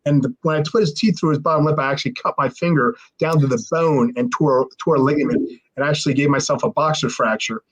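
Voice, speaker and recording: A man in his forties spins a long, profane anecdote as a podcast guest, stumbling over restarts and acting out every exchange. His voice sits slightly high for a man. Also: fast talker. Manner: profane, animated, acts out quoted dialogue, restarts often. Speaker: podcast guest, former pro wrestler. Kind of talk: casual storytelling.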